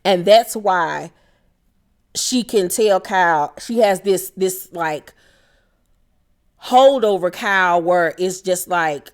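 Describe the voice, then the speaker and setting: A woman's voice: lowish voice, takes it slowly. Sassy, swearing woman recapping reality TV. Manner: sassy, blunt, swears freely, laughs, quotes the cast in mimicking voices. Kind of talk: casual profane recap commentary.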